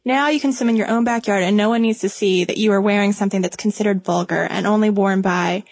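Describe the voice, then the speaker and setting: A woman's voice: mid-range voice, fairly even intonation, fast talker, a little mellow, no echo. A young woman co-hosting a podcast in a conversational, playful way. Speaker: podcast co-host. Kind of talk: casual chat.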